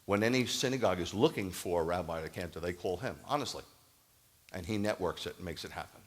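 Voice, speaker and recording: A man with a fairly low voice preaches to a congregation, telling a story and acting out each side of the conversation. He grows loud and emphatic when he drives his point home. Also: fast talker. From United States. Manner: animated, acts out quoted dialogue, rises to emphatic preaching. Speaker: Messianic rabbi. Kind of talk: sermon storytelling. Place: congregation hall, addressing a live audience.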